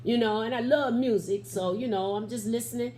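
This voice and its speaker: A middle-aged woman giving an animated, expressive testimony as an interview guest, acting out the quotes in her story. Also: fairly high pitch, brisk. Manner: Southern Black church vernacular, expressive, acts out quotes.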